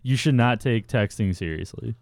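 A man's voice: medium pitch, normal speed, gravelly, darkish tone, no room sound. A man co-hosting a casual podcast, giving blunt, opinionated takes and laughing easily. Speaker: podcast co-host.

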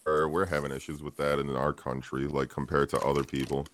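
A man's voice: rumbling low, flat delivery, brisk, a bit bright, dry recording. A man co-hosting a podcast in casual chat, laid-back and rambling as he brings up news items. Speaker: podcast co-host.

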